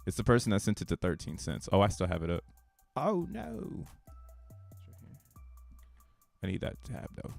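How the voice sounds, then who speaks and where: A man giving casual, excitable live-stream commentary, thinking aloud and swearing freely in slangy talk. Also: deep voice, gravelly. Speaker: crypto streamer.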